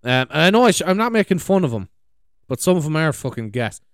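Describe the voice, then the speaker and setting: A man's voice: fairly high pitch, big pitch swings, fast talker, clean tone, no echo, clean studio sound. An Irish man hosting a show, chatting casually in a rambling, sweary way and laughing easily. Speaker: podcast host. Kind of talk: casual chat.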